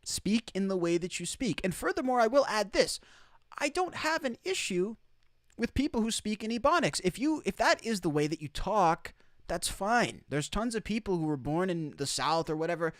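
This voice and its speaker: A man's voice: high-pitched, sing-song, moderate pace, fairly bright tone, no room sound, clean studio sound. A man hosting opinionated live commentary from outside the United States, emphatic and repeating his key phrases. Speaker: commentary streamer.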